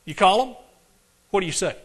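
Male pastor, sermon delivery, slightly high voice, dynamic and conversational with the crowd. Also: brisk, husky. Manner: animated, swings from loud preaching to quiet asides; talks directly to the congregation, asks questions.

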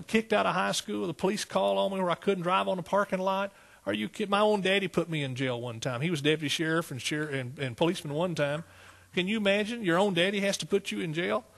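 A pastor preaches a sermon, moving between plain storytelling and bursts of exclamation. His voice is husky and sits somewhat high for a man. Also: fairly bright tone.

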